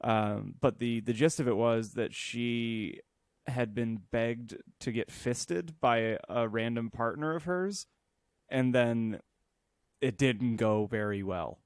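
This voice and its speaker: A man's voice: mid-range voice, takes it slowly, no room sound, studio quality. A man co-hosting a podcast in casual chat, telling a rambling story and laughing often. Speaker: podcast co-host.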